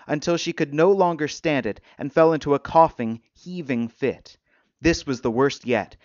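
A man narrating an audiobook in an expressive way, often dropping to a hush in tense passages, on a dull, dry recording. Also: mid-range voice, dry recording.

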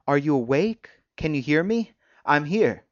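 A man's voice: a little high, sing-song, measured pace. A man reading the lines of an anxious young man at a bedside, eager and pleading, on a dull, dry recording.

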